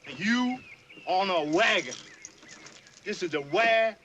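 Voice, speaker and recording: A man's voice: high-pitched, lively intonation, unhurried, bright, forceful tone, lo-fi sound, slight background noise, full character voice. An actor playing an older enslaved man who bossily drills a newcomer, in a heavy Southern dialect drawl. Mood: scolding. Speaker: actor in a film scene.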